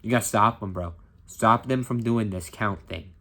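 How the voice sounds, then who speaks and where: A man's voice: on the low side, moderate pace. A man doing a brash New York politician. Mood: riled up. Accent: attempted New York. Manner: brash, pushy, loud. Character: brash older male city politician, pushy.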